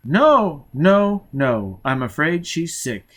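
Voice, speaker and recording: A man's voice: fairly high pitch, big pitch swings, slow pace, a bit bright, voice pushed up, exaggerated voice. A man voicing a frightened young boy telepath in an audiobook, pleading and whimpering. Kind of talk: audiobook character voice.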